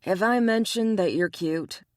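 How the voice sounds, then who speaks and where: A woman's voice: mid-range voice, measured pace, a little mellow, no echo, studio quality, voice pushed up, close to an everyday voice. A woman voicing an easygoing male bear shifter in an audiobook, sheepish and defensive.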